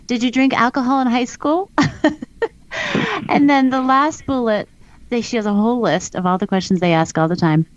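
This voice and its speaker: A woman's voice: fairly high pitch, moderate pace, dry recording, lo-fi sound. A middle-aged woman hosting a talk show, reading aloud with amusement in casual chat.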